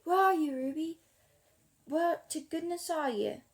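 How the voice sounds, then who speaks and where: A woman's voice: high-pitched, expressive, a little slow, dark tone. A young male agent from a children's storybook, alone and uneasy, with a wistful calling tone, put on by a woman reading aloud. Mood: anxious.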